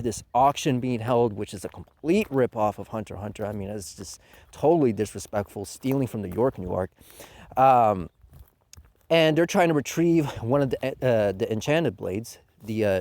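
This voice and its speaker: A man giving a casual manga review, sarcastic and mocking with rough language. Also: mid-range voice, darkish tone.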